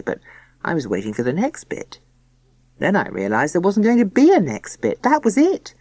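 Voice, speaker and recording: A woman's voice: mid-range voice, huge pitch swings, normal speed, dark tone, no room sound. A woman narrating an audiobook in the first person as a young engaged daughter, in a chatty, confiding, gossipy manner.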